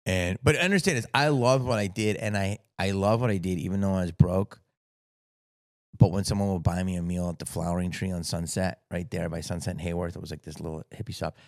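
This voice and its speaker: A man's voice: low-pitched, dry recording. A middle-aged man sits as a podcast guest, spinning stories with swearing and big swings of energy. His voice sounds close and dry, with no room around it. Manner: profane, animated storyteller. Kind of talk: casual storytelling interview.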